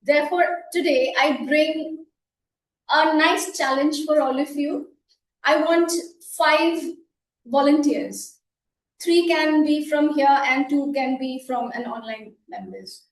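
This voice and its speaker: Brief: woman facilitator, high-pitched and encouraging, recorded from afar in an echoey room with faint ambience. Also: slight background noise. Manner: encouraging, deliberate delivery. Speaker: meeting facilitator. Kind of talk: club meeting, leading an exercise. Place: meeting room. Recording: echoey room, mic at a distance.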